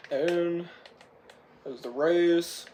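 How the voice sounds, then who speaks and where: A reviewer with a sore throat rambling casually through a film's plot, clearing their throat again and again. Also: medium pitch, a bit bright, a little hiss or hum. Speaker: film reviewer. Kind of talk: rambling casual movie recap.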